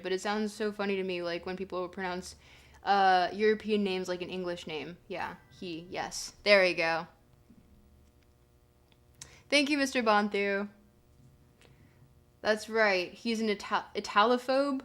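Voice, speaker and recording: A woman's voice: medium pitch, moderate pace, a bit bright. A young woman streaming live, chatting casually and joking as she reads her chat aloud.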